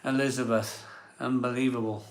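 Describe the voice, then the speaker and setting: A man thanks his viewers on a live stream, his voice sitting at an ordinary middle pitch. He is emotional and keeps repeating himself as he catches his breath. The sound carries a clear room echo. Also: flat delivery, normal speed. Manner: effusive, repeats words of thanks over and over. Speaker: live stream host reading viewer messages. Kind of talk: casual live stream chat. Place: home room set up as a virtual pub. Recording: echoey room.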